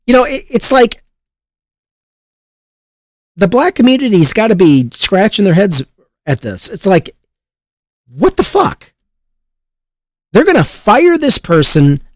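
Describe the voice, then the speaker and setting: A male podcast host venting about the news in an exasperated, profane rant. His pitch swings widely, and the recording is dry and close with no room sound. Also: sing-song, a little slow, pauses often, dry recording. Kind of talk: casual news commentary.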